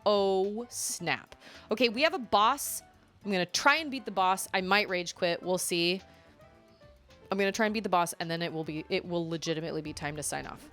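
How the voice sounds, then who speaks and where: A woman's voice: on the low side, moderate pace, a bit bright. A woman streaming a video game and chatting casually as she plays, often exclaiming and laughing. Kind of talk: casual let's-play commentary. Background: faint game music.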